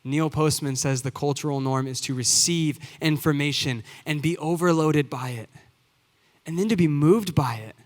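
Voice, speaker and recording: A man's voice: on the high side, normal speed. A man in his twenties, a youth pastor preaching a sermon in earnest, building to emphatic repeated phrases. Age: 20s. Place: church sanctuary. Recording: long hall reverb.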